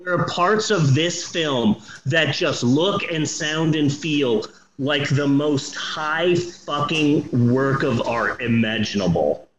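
A man's voice: on the high side, slow, roomy sound, muffled recording, a little hiss or hum. A man in his forties casually reviewing a movie on a podcast, swearing often and talking with eager enthusiasm. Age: 40s. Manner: animated, swears a lot, enthusiastic.

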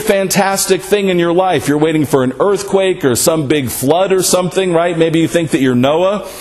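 A man's voice: on the high side, a little mellow. A man preaching a sermon, asking rhetorical questions and often adding "right?" to check in with his listeners.

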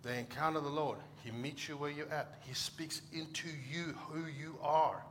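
A man's voice: a little high, steady tone, normal speed, a bit bright, slight background noise. A middle-aged man from Africa, a pastor preaching a conversational sermon and acting out short quoted exchanges.

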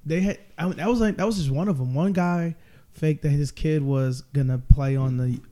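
A man co-hosting a podcast in casual chat, measured and plainly explaining things. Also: fairly high pitch, mellow. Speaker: podcast co-host.

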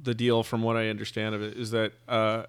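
A man's voice: lowish voice, completely flat delivery, fairly quick, clean tone. A man, a physicist guest, explaining his views in a thoughtful, hesitant way with many fillers. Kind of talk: casual conversation.

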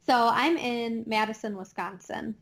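A woman's voice: a little high, measured pace, fairly bright tone. A woman from the Chicago area with a Midwestern accent, a guest chatting casually and laughing often. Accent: Midwestern American. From Chicago area, Illinois. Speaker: podcast guest, astronomer. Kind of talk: casual chat.

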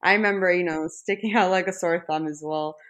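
A woman's voice: on the low side, fairly even intonation, brisk, fairly bright tone. A young woman from India, a postgraduate student, asking interview questions and relating them to her own experience. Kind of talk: conversational interview.

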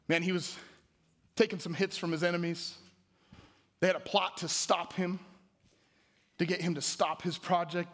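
A man with a high, bright voice preaches a sermon in a church. He jokes often and turns to the crowd with prompts, swinging between playful asides and rising, emphatic lines.

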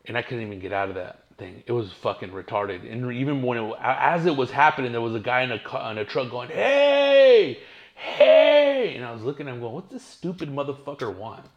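A man's voice: mid-range voice, quick pace, few pauses, lo-fi sound. A man, hosting his own podcast and telling rambling, profane stories in casual slang. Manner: profane, slangy, laid-back storytelling. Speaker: podcast host.

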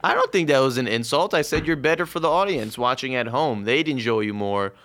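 A man's voice: mid-range voice, animated, brisk, a bit bright. A man co-hosting a casual chat, easygoing and agreeable, often hedging his opinions. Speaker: podcast co-host.

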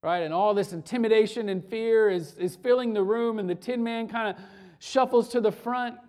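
A man preaching a sermon in a conversational way. He often restarts his words and drops into soft, hushed stretches. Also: high voice, moderate pace. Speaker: pastor.

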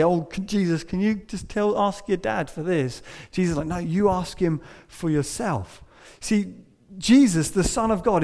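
A man preaching a sermon in a playful, animated way, acting out quoted voices and laughing at himself. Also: a little high.

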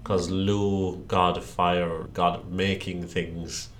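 A man co-hosting a casual chat, playful and joking, often halting with fillers. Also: sits low, flat delivery, a bit bright, slight background noise.

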